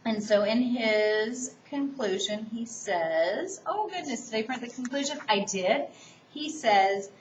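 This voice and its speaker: A woman public speaking instructor giving a recorded course lecture, explaining the assignment in a quick, enthusiastic way. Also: on the high side, a little hiss or hum. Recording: distant, roomy, dull recording.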